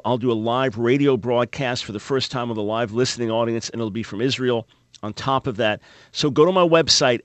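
A man's voice: mid-range voice, no room sound, studio quality. Upbeat man in his fifties hosting radio. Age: 50s. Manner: earnest, upbeat, repeats words when restarting. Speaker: radio talk show host. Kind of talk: call-in radio talk. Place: dry radio studio. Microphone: studio microphone.

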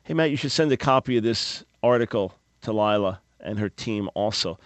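With a lowish, animated voice at a moderate pace, a man hosts a radio talk show, preaching earnestly and pleading with listeners despite small stumbles and repeated words. He's in a radio studio on a studio microphone, with no echo.

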